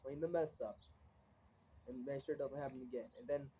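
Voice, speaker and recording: A man's voice: mid-range voice, steady tone, fairly quick, mellow, highs cut off, slight background noise. Rambling teen guy ranting into his phone. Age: teens. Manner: rambling, heavy filler words, frequent swearing, frustrated. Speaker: vlogger. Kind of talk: casual ranting vlog. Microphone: phone camera, looking down at it.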